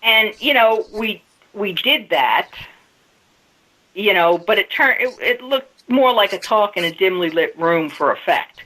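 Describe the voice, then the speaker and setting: A woman's voice: medium pitch, animated, a little slow, bright, forceful tone, poor audio. A woman guest on a radio interview, telling a story step by step in a casual way. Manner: storytelling, recounting events step by step.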